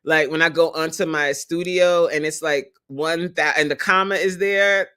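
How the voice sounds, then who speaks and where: A fitness coach hosting a casual livestream, animated and openly emotional, laughing often and greeting viewers in the chat by name. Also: medium pitch, moderate pace, smooth.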